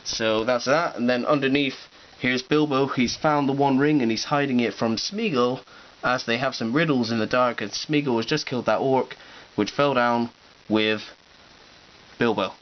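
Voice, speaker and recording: A man with a medium-pitched voice speaks at normal speed while touring his toy collection on camera in a room at home with display shelves. His show-and-tell is chatty, upbeat and sprinkled with playful asides. Recorded on a cheap digital camera, the audio is dull with faint hiss.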